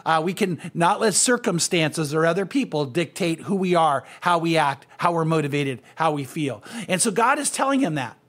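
A man's voice: on the high side, animated, moderate pace, few pauses, fairly bright tone. A man, a pastor, giving an earnest, conversational Bible teaching and speaking directly to his listeners.

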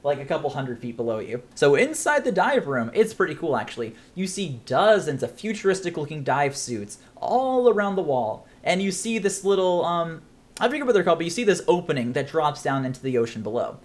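A man's voice: on the high side, very animated, brisk. A man narrating as game master of a tabletop game, chatty and rambling with frequent laughs.

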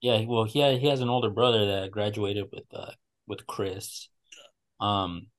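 A man's voice: fairly low pitch, gravelly, fairly bright tone. A man hosting a casual podcast chat, telling stories animatedly with a lot of swearing and acting out his friends' lines.

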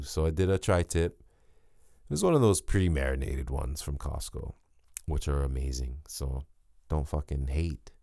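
Deep male voice, profane rambling podcast host, lively swings in tone, dry close sound. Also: a little slow, vocal fry, no room sound. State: tired, giddy. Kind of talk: casual solo podcast chat.

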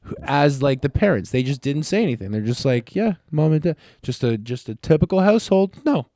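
A man co-hosting a casual podcast, bantering with lots of swearing and excitable outbursts. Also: mid-range voice, a little fast, dry recording, studio quality. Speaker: podcast co-host. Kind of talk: casual chat.

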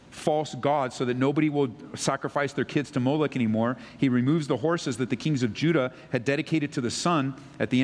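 A man delivers a Bible-teaching sermon in an earnest preaching voice, pressing hard on some phrases and dropping low on others. His voice sits at an ordinary male pitch. A long reverb trails after his words. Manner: earnest preaching that swings from loud urgency to quiet emphasis. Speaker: pastor.

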